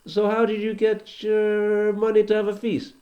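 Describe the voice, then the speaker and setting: A man's voice: sits high, completely flat delivery, moderate pace, mellow, lo-fi sound, voice pushed up, close to an everyday voice. A man voicing a king in disguise who asks probing questions. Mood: curious. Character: curious male king disguised as a porter.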